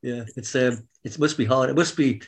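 A man's voice: medium pitch, moderate pace. A man, chatting jokily as a podcast co-host. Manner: jokey, laughing. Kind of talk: casual chat.

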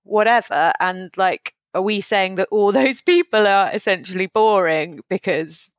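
A woman's voice: mid-range voice, unhurried, no room sound, muffled recording. A middle-aged woman co-hosting a casual chat, rambling and laughing often. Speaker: podcast co-host.

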